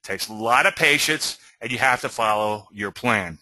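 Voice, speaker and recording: A man with a very bright, forceful voice talks through charts like a weekly webinar host. He is animated and direct, often checking in with his audience. The sound is close and dry, with no room around it. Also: lowish voice, moderate pace, no echo, rough recording. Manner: animated, talks straight to viewers with frequent "okay?". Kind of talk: webinar-style trading commentary.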